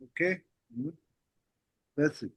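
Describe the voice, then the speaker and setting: In a casual online language lesson, a man explains things at an unhurried pace in a high-sitting voice. He keeps circling back to little phrases like "that's it" and "how goes it." The recording is dry and close.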